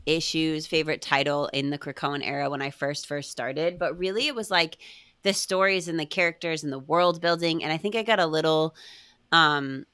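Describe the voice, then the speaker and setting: A bubbly woman talking casually as a podcast guest, her voice low-pitched and warm with fillers scattered through. The sound is dry and close, with no room around it. She laughs easily between thoughts. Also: moderate pace, clean tone, no echo.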